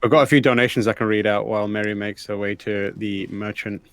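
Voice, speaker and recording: Relaxed man co-hosting a stream. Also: fairly low pitch, fast talker, clear, resonant tone, no room sound. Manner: relaxed, rambling with fillers and restarts. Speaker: co-host reading donations. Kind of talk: casual live-stream chat.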